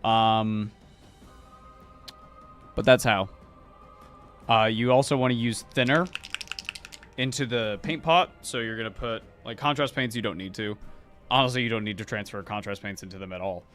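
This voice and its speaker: A man's voice: lowish voice, moderate pace, long pauses, fairly bright tone, soft background music. A man streaming his miniature painting, chatting casually and rambling about paints with a loose, sweary way of talking. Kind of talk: casual hobby chat while painting.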